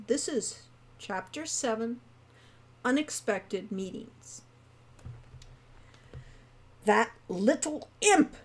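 A woman reading her own novel aloud on a live stream, chatty and cozy between passages. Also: a little high. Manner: chatty, cozy, lively storyteller. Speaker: co-author and game designer reading her novel.

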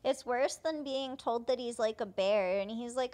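A woman's voice: on the high side, normal speed, a little mellow. Chatty woman narrating a game. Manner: casual, chatty, quoting lines. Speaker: fan dubber and let's player. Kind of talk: casual game commentary and dubbing.

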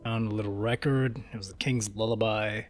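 A man giving casual commentary on a horror game playthrough. He curses a lot and jokes, and at times he taunts the game's monster in a loud, high voice. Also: fairly even intonation, brisk. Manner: profane, taunting, joking. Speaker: gaming YouTuber. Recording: game music behind the voice.

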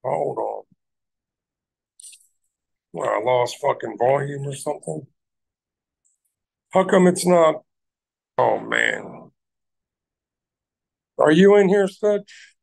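A man's voice: a little high, slow pace, vocal fry, long pauses, darkish tone, husky. A man hosting a livestream, ranting heatedly at people in his chat and swearing heavily. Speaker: livestream host.

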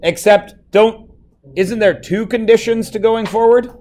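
A man's voice: high voice, steady tone, unhurried, dark tone. A male math teacher in a classroom, playfully quizzing his students and joking with them. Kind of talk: classroom lesson.

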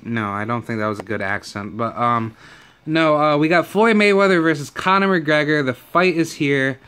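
A young man giving excitable, profane, rambling vlog commentary full of fillers. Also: fairly high pitch, moderate pace, clean tone. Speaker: YouTuber.

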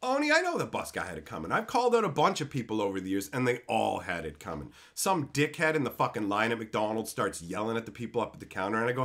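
A man's voice: lowish voice, sing-song, fast, few pauses, fairly bright tone. A man streaming live, reading chat and ranting bluntly with lots of swearing. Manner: profane, blunt, heated ranting. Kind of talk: casual livestream rant, reading chat.

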